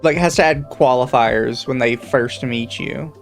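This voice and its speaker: A man's voice: medium pitch, a little slow, gravelly, soft background music. A man with a Southern American accent, hosting a casual podcast chat with dry, wry storytelling. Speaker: podcast host.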